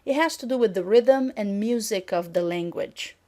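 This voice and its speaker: Woman lecturing clearly on intonation. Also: mid-range voice, moderate pace, a little mellow. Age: middle-aged. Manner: clear, demonstrative, acts out example sentences.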